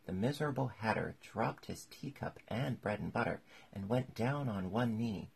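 A man narrating a classic storybook chapter in a steady, measured reading. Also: on the low side, gravelly, husky. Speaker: audiobook narrator.

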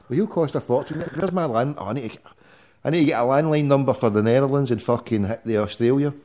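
A man's voice: medium pitch, a little fast, warm tone. A man hosting an internet radio show, teasing his callers and swearing freely in casual banter. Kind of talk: casual call-in chat.

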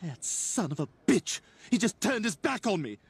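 A man's voice: sits high, sing-song, moderate pace, gravelly, husky, dry recording, full character voice. An actor voicing a haughty, scheming baby boy with a sardonic tongue in a cartoon. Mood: snide. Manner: sardonic, snide.

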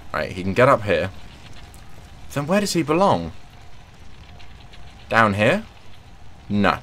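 A man's voice: on the low side, wildly swooping pitch, slow, a bit bright. A young man giving casual, jokey gameplay commentary, humming and talking to the characters on screen. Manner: chatty, jokey, hums, talks to game characters. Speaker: let's play host.

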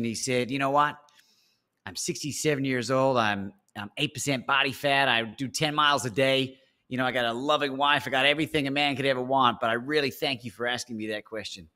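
A man's voice: medium pitch, fairly quick, pushed and bright. An Australian man, a speaker and coach, telling a story as an interview guest and acting out the phone calls.

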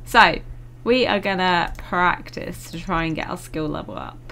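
A woman's voice: on the low side, normal speed, vocal fry, bright, forceful tone, slight background noise. A young woman chatting casually through a life-sim game, chatty and self-mocking, swearing now and then when annoyed. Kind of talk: casual gameplay commentary.

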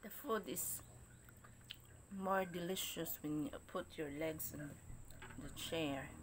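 A woman's voice: sits low, takes it slowly. A woman with a Filipino Cebuano accent chatting casually while eating on her vlog, mixing in playful asides. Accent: Filipino, Cebuano-speaking. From Philippines. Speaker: vlogger. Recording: noisy home recording. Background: clatter of cutlery and dishes, household sounds.

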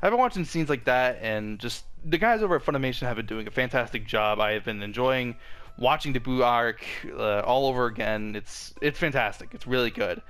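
Smooth-voiced young man rambling casually. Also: medium pitch, brisk, a bit bright. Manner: rambling, frequent restarts and fillers. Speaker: channel host. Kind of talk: casual vlog update.

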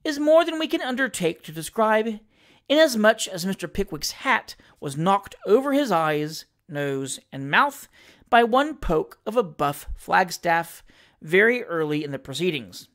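An audiobook reader telling a classic comic novel aloud with expressive storytelling. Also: mid-range voice, unhurried.

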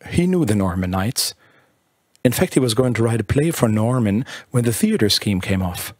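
A man narrating literary fiction at a measured, expressive pace. His voice is low and slightly husky. The sound is dry and close, with no room around it. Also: dry recording.

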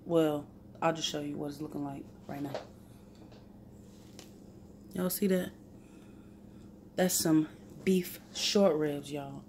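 A woman's voice: deep voice, steady tone, slow pace, long pauses, mellow, a little hiss or hum. A woman, chatting playfully through a home cooking vlog and laughing at herself. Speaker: vlogger. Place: home kitchen.

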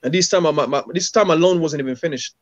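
A former footballer, telling stories in a casual interview and acting out what people said, using street slang. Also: male voice, a little high, quick pace, no echo. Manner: animated, acts out quoted dialogue, street slang. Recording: dull, dry recording.

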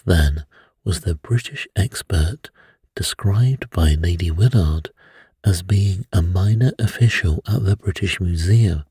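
A man reading a mystery aloud as a bedtime story in a soft, soothing way. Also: low-pitched, husky, no room sound, studio quality.

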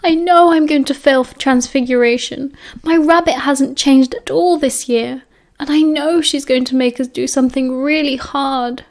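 A woman's voice: high voice, steady tone, normal speed, voice pushed up. A woman with a British accent voicing a nervous, timid teenage schoolboy wizard who frets and wails. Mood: whiny. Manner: wailing, anxious.

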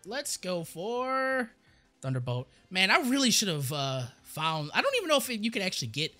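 A young man giving casual, rambling gameplay commentary, excitable and stammering as he repeats words. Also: sits high, normal speed, soft background music. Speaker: gaming YouTuber.

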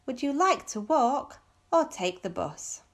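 A woman on textbook audio, carefully reading out example questions with clear, marked intonation. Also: high voice, very animated, takes it slowly. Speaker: recorded audio speaker.

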